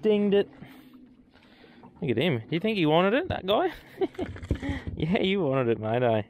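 A man's voice: medium pitch, sing-song, measured pace, noisy background. An Australian man on a boat outdoors, giving casual, chatty commentary as he fishes and talks to the fish he catches. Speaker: fishing vlogger.

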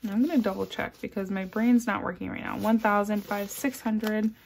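A woman's voice: steady tone, a little fast, gravelly, slight background noise. Woman vlogger, casual cash-stuffing video, murmured counting, friendly asides, faint rustle behind. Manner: counts bills aloud in a soft, low murmur; chatty and upbeat between counts. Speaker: budgeting vlogger.

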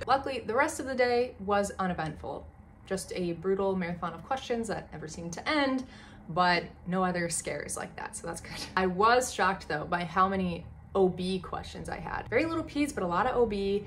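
A woman in her twenties, a medical student, chatting to camera in a lively storytelling way with many fillers. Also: medium pitch, fairly quick, a little hiss or hum. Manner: chatty and animated, with lots of fillers and voiced asides.

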